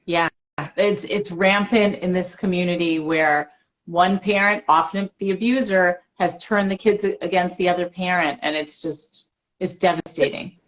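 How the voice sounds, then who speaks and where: A woman hosting an interview, gentle and reassuring with her guest. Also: lowish voice, steady tone, moderate pace, dull audio. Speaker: host.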